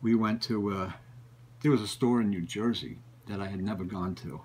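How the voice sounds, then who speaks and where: A man's voice: lowish voice, moderate pace, darkish tone, breathy edge, low-quality recording. A man, a book collector, telling stories in a rambling casual way, often repeating and restarting phrases. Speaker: book collector and show regular. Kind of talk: casual storytelling.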